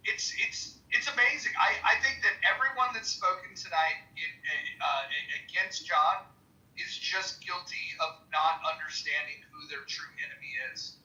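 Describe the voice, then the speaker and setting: A participant in an online audio room talking in a rambling, halting way, full of restarts. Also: medium pitch, sharp tone. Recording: echoey room sound.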